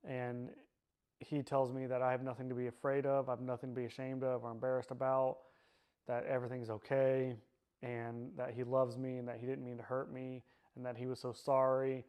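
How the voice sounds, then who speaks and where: A man telling his own story in a personal testimony, quiet and subdued, halting and searching for words with many fillers. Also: medium pitch, monotone, smooth. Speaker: survivor sharing his story.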